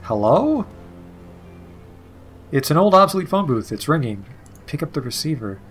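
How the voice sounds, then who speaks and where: A man's voice: a little high, sing-song, normal speed, a bit bright, faint music behind. A man hosting a let's play, reading game text and making dry, wry remarks. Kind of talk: casual gaming commentary, reading game text aloud.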